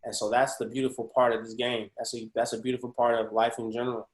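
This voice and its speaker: A man from the Pacific Northwest of the US, an actor speaking as a guest in a casual webinar interview, animated and slangy. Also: mid-range voice, quick pace. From Portland, Oregon, USA. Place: video call. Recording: roomy echo.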